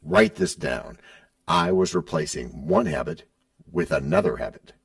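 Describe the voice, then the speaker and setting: A man's voice: low voice, unhurried, creaky, slightly rough, far from the mic. A man hosting a podcast, bantering in a playful, teasing way. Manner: playful, teasing, lively delivery. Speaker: podcast host.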